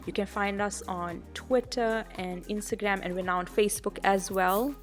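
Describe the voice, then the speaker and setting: A woman co-hosting a podcast in casual chat, telling stories in a chatty, animated way. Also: medium pitch, normal speed, soft background music. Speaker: podcast co-host.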